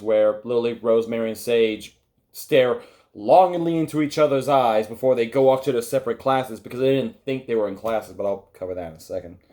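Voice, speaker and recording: Here the reviewer's voice is mid-range and slightly mellow. He addresses viewers directly, wry and casual, with a critical bite to his commentary.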